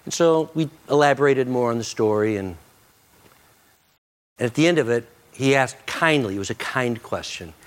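A man's voice: medium pitch, expressive, clean tone. Earnest middle-aged man preaching. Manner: earnest preaching that drops soft and slow for emphasis. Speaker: pastor. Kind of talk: sermon.

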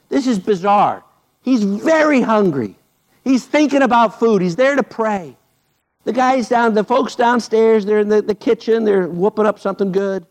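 Guy preaching a sermon, higher pitched voice, jokey storytelling, gets loud then goes quiet. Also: moderate pace. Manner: animated, playful storytelling with sudden loud and quiet turns. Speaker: pastor.

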